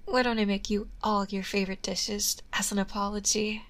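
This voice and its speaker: A young woman playing a shy, obsessive yandere girlfriend in a whispered role-play, soft and sweetly doting, close on a binaural mic. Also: medium pitch, level tone, moderate pace, lightly acted.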